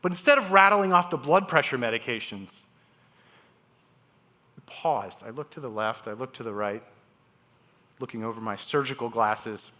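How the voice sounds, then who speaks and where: A man's voice: medium pitch, moderate pace, long pauses. A man giving a storytelling talk on stage as a transplant surgeon, acting out the voices of his patients. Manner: animated, acts out patients' voices. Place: large live event hall.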